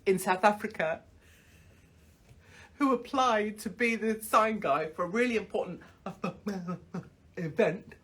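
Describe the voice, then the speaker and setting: Husky, blunt Englishwoman ranting. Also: mid-range voice, slow pace, a bit bright. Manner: blunt, sweary and mocking, laughs often. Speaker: livestream host. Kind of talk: casual livestream rant. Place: hotel room. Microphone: phone livestream.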